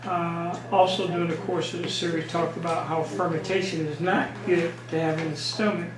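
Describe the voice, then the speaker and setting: A man from the audience asking a speaker a question in a measured, deliberate way. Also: on the high side, level tone, crowd noise. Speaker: audience member. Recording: echoey room with background noise.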